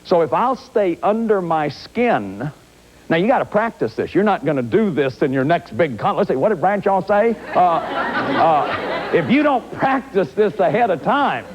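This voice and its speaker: A man's voice: high-pitched, a little slow, crowd noise. A man in his fifties giving a self-help lecture, acting out examples, often restarting his sentences. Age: 50s. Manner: animated, acts out examples, frequent restarts. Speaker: therapist and lecturer. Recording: dull lo-fi recording.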